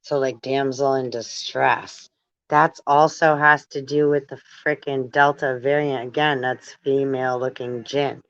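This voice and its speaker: Reading aloud a little slowly, the spiritual channel host stumbles on hard words, laughs, and slips into casual asides. Her extremely low voice is a bit bright with fairly even intonation, and the audio sounds dull.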